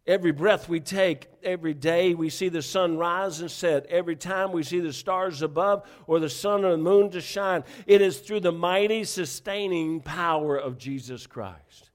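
Fervent high-voiced preacher man. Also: normal speed. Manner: fervent, repetitive, conversational preaching with restarts. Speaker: pastor. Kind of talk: sermon.

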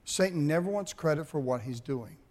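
A middle-aged man, a pastor, preaching a sermon with animated storytelling and calls to the congregation. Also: on the high side, a little fast.

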